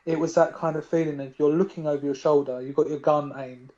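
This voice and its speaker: Animated man, slightly high voice. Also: brisk. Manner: animated, argues his points at length, many fillers like "you know". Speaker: podcast co-host. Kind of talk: casual chat. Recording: dull lo-fi sound.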